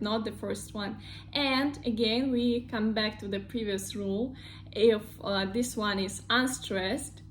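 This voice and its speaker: A woman with a Russian accent teaching pronunciation in an online lesson, explaining slowly and drawing out each example word. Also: fairly high pitch, fairly bright tone, a little hiss or hum. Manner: slow, careful explanations with drawn-out model words.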